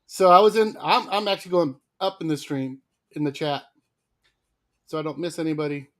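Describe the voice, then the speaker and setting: A man co-hosting a casual livestream, lively and quick to laugh as he greets viewers by name. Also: a little high. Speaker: livestream co-host.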